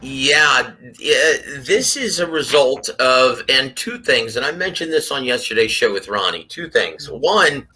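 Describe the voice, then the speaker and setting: A man giving his take on a boxing panel, telling stories and acting out quotes in a lively way. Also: medium pitch, a little slow, few pauses, husky. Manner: animated storyteller, acts out quotes. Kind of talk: casual panel commentary.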